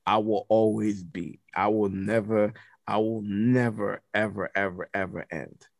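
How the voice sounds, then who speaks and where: A menacing, timeless god speaks in slow, solemn proclamations, put on by a man telling a story. The voice sits low and gravelly, and it is recorded dry and close. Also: fairly even intonation, no room sound. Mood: ominous. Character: ancient all-powerful male deity, menacing and vast.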